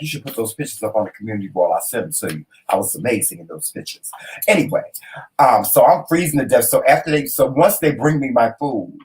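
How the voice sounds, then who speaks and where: A man's voice: medium pitch, distant mic. A man, co-hosting a casual talk show and telling a story dramatically, cursing freely. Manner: dramatic, animated storyteller who curses freely. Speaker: co-host.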